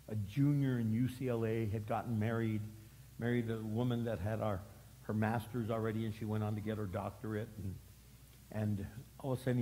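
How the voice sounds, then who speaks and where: A man preaching a sermon as pastor, telling stories with acted-out voices and sudden loud emphatic bursts. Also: medium pitch. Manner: animated storytelling, acting out voices, jumps to loud emphatic peaks. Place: church sanctuary. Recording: long hall reverb.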